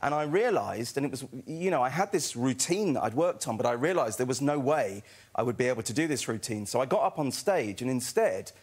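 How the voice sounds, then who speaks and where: A man from England, a comedian, telling an animated anecdote on a talk show and laughing as he goes. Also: medium pitch, fairly quick, breathy edge. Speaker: comedian guest.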